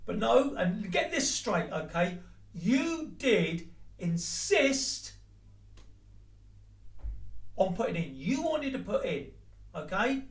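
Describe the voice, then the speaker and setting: A man's voice: sits high, sing-song, slow, long pauses, recorded from a distance. Heated, sweary man ranting. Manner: heated, sweary, addresses his ex directly. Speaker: vlogger. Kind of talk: angry personal rant to the camera. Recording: echoey room, voice away from the mic.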